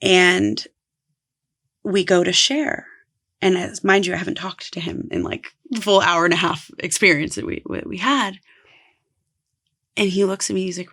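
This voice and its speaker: An earnest woman tells a personal story as a podcast guest, her voice carrying a gravelly fry at the ends of phrases. She talks casually and leans on "like" as she goes, over a close podcast mic. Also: fairly low pitch, animated, normal speed, pauses often, a bit bright. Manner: earnest, heavy use of "like". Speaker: podcast guest, spiritual coach.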